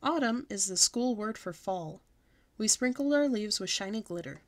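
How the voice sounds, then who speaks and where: A woman reading a children's book aloud, with a lively, expressive storytelling manner. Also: medium pitch, moderate pace.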